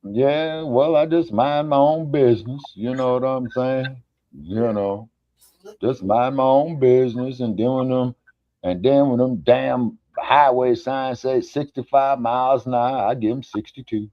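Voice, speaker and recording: A man's voice: medium pitch, a little slow, no echo. A man chatting casually as a co-host and spinning folksy road-trip yarns. He swears freely and voices the other people in his stories. The recording is lo-fi and muffled, with a dry, close sound. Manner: folksy storyteller, swears freely, acts out dialogue. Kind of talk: casual chat on an online talk show. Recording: dull, dry lo-fi audio.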